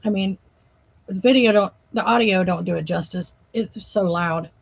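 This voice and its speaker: Husky, gravelly woman chatting. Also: mid-range voice, moderate pace, dry recording, low-quality recording. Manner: relaxed, laughing reactions. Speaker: co-host. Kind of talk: casual chat on a live stream.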